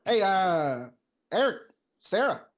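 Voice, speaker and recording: A man's voice: sits high, big pitch swings, slow. A man playing his tabletop character, casual and leaderly, swearing freely. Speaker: player.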